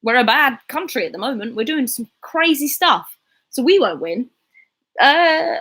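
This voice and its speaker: A young Englishwoman with a southern English accent talks through viewer questions in a loose, rambling way. Her voice is husky and a little breathy. She laughs easily as she goes. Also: high-pitched, expressive, normal speed, a bit bright, poor audio. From England. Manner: chatty, rambling, laughs often. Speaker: vlogger answering viewer questions. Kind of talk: casual chat.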